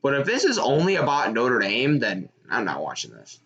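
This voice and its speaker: Young male streamer, excitable live reaction, bright and animated. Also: mid-range voice, normal speed, vocal fry, muffled recording. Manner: excitable, shouts at big plays. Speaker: sports streamer.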